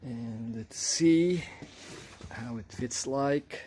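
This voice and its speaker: A man talking casually while unboxing and trying on a product, unhurried and halting, with pauses and fillers. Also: medium pitch, warm tone, slight background noise. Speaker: vlogger unboxing shoes.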